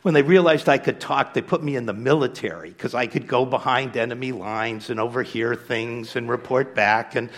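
A man's voice: mid-range voice, moderate pace, hardly any pauses, fairly bright tone. A man voicing a boastful talking dog in a spoken joke, recounting his exploits matter-of-factly. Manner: matter-of-fact bragging.

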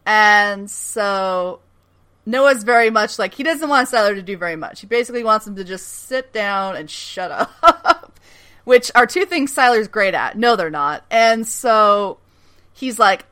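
A woman's voice: medium pitch, expressive, moderate pace, bright, forceful tone, clean tone. A woman casually recapping a TV episode as a podcast host, laughing often, swearing, and acting out quotes.

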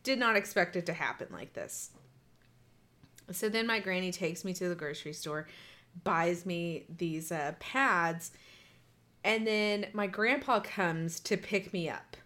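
A woman's voice: fairly low pitch, animated, measured pace, fairly bright tone. A woman telling a story in a casual chat, candid and laughing as she talks, swearing freely.

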